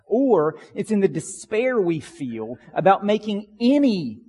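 Male pastor preaching, fairly high voice, echoing church hall. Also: big pitch swings, a little slow, darkish tone, slightly rough. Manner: earnest preaching, repeats phrases for emphasis. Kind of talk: sermon.

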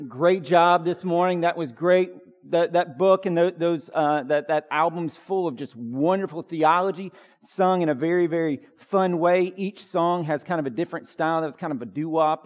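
A man's voice: fairly high pitch, a little mellow, long reverb tail. A man preaching a sermon to his congregation, conversational and joking, building to emphatic peaks. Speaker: pastor. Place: church sanctuary.

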